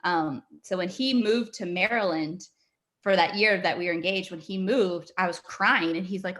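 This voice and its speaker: A woman's voice: fairly low pitch, normal speed, fairly bright tone. A woman from Colorado telling a personal story in a plain, matter-of-fact way. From Colorado, USA. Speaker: coach's wife. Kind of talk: casual conversation.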